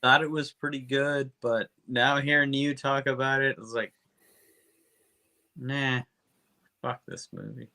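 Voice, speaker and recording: A man co-hosting a podcast, rambling through a comic book recap with lots of swearing and quick character asides. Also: medium pitch, fairly even intonation, gravelly, sharp tone. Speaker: podcast co-host.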